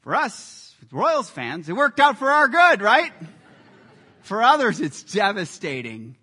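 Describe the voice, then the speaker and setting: Male pastor, sermon, high, bright voice, animated storyteller. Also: slow, big-room sound. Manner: animated storytelling with lively sports anecdotes.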